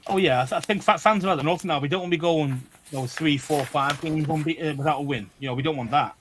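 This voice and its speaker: Fast-talking Scouse man, blunt. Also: fairly high pitch, fairly bright tone, slight background noise. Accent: Liverpool (Scouse). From Liverpool area, England. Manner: blunt and emphatic, swears freely, stammers on restarts. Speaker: podcast co-host. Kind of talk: casual sports chat.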